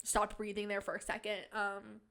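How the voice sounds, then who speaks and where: A woman's voice: medium pitch, completely flat delivery, moderate pace, creaky, a bit bright, a little hiss or hum. A woman hosting a podcast in casual, rambling chat, giggly, with playful mock-indignant rants. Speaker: podcast host.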